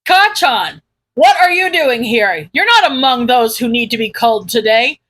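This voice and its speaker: A woman's voice: on the high side, lively intonation, moderate pace, fairly bright tone. A woman doing a preachy, self-righteous killer. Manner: lofty, preachy. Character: grim adult male villain, self-righteous killer.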